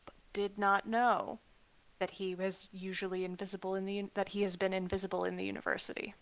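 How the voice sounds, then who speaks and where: A woman's voice: medium pitch, little pitch movement, a little fast, fairly bright tone. A woman playing a tabletop game, chatty and describing her character's actions. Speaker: player. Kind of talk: casual tabletop role-play.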